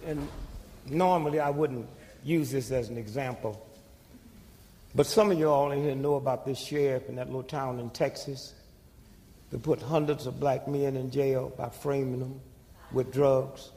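Gravelly older man speaking in a hall. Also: medium pitch, steady tone, a little slow, mellow. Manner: call-and-response, rhetorical questions. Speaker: speaker at a community talk. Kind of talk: preaching-style public talk. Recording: long hall reverb.

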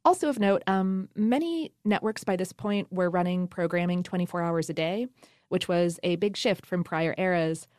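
A woman's voice: lowish voice, normal speed, a little mellow, no room sound. Chatty woman co-host, dry studio. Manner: chatty, laughing, many fillers. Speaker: podcast co-host. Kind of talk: casual conversational history chat.

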